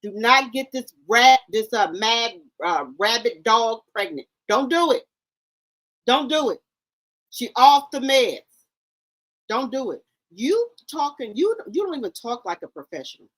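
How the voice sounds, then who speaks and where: Woman commentary host, exasperated and scolding, highish and very animated delivery. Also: a little slow, rough recording. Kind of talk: reaction commentary.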